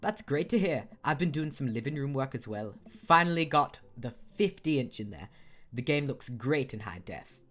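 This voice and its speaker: A man's voice: on the low side, brisk, few pauses, lightly acted. A man voicing a chipper, boastful neighbor dad in a put-on accent. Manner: bright, bouncy put-on accent.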